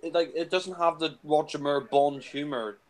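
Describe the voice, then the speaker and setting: A man's voice: fairly high pitch, normal speed, rough recording. A man casually commentating on a film, blunt and crude, with lots of fillers like "you know".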